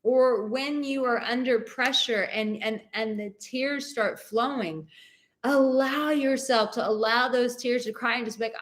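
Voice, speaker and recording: Female live-stream advice host, a bit high-pitched, leans on repeated words, talks directly to viewers. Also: a little slow, fairly bright tone. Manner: emphatic, repeats words for stress; encouraging, speaks straight to viewers. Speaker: dating and relationship advice host.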